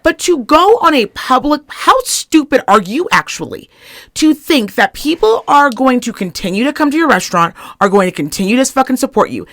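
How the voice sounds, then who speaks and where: A higher-voiced young woman on a chatty podcast, going off in a heated, profanity-laced rant and switching into mock voices for the people she quotes. The sound is close and dry, with no room around it. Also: big pitch swings, moderate pace, a bit bright, no room sound. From Reno, Nevada area. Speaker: podcast co-host.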